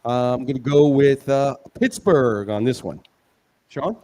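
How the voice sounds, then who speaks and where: A man's voice: mid-range voice, animated, unhurried, mellow. A man co-hosting a casual college football picks show, easygoing and chuckling, sometimes losing his place. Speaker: show co-host reading picks. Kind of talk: casual sports betting chat.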